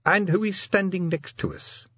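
A man's voice: sits high, animated, normal speed, fairly bright tone, slightly rough, dry recording, lo-fi sound, pitched above the performer's own voice, heavily acted. A man voicing a sly male troll crime boss who talks in a musing, mock-friendly way.

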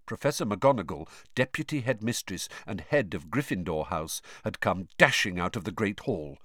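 A man reading a storybook aloud in an expressive, measured way. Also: on the low side, no echo, clean studio sound. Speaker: audiobook narrator. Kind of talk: storybook narration.

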